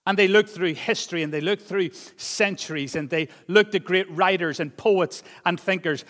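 Male pastor preaching in a reverberant hall. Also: normal speed. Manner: swings between raised emphasis and quiet, low asides. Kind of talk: sermon.

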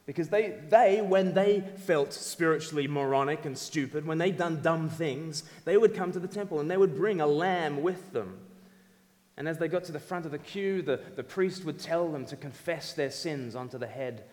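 A man preaching a sermon in an animated, emphatic way, acting out quotes. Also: fairly high pitch, moderate pace. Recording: long hall reverb.

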